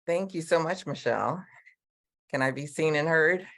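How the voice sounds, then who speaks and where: A middle-aged woman moderating an online panel over a video call, upbeat and chatty with frequent ums, her voice going hoarse. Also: deep voice, normal speed, fairly bright tone. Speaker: panel moderator and business coach.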